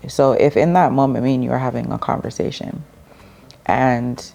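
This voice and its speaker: A woman with a gravelly, creaky voice and a dark, mellow tone asks pointed questions on a podcast. She keeps the conversation moving with steady affirmations as she probes. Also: very deep voice, normal speed. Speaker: podcast guest.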